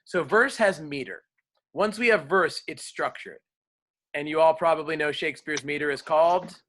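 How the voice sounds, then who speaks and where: A man teaching a class on verse, lively, explaining and quizzing his students. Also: a little high, moderate pace. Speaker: drama teacher. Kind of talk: classroom lecture.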